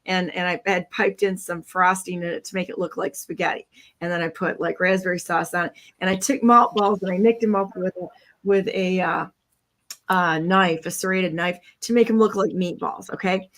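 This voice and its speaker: A middle-aged woman telling a family story in casual chat, animated and laughing, checking in with "okay?" and "right?". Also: lowish voice, moderate pace. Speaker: co-host.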